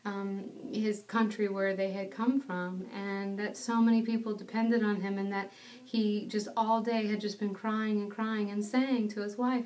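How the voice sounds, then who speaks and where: A woman's voice: medium pitch, flat delivery, unhurried, darkish tone, recorded from a distance. A young woman giving a personal testimony, telling the story in an earnest, self-deprecating way.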